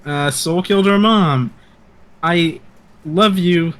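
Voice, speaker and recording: A man's voice: a little high, takes it slowly, fairly bright tone. A man talking as a podcast guest, chatting casually with wry questions and jokes. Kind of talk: casual recap chat.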